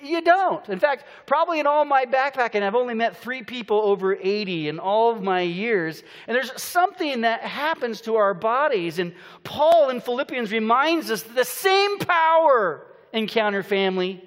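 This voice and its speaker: A man preaching a sermon as a pastor, telling stories with playful banter and slowing down to stress points. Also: very high-pitched, animated, a bit bright. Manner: storytelling with playful banter, slows for emphasis. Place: church auditorium. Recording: long hall reverb.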